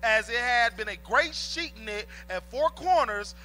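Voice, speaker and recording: A man reading Bible verses aloud in a steady, formal way during a church service. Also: very high voice, a little slow, soft background music, low-quality recording. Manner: steady, formal reading of old-style scripture. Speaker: scripture reader.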